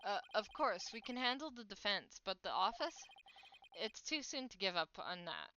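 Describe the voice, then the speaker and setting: A woman's voice: mid-range voice, big pitch swings, normal speed, sharp tone, a little hiss or hum. Woman voicing a stammering young lawyer. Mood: nervous. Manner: stammering, anxious. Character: earnest, nervous young male defense lawyer. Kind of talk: voicing game dialogue.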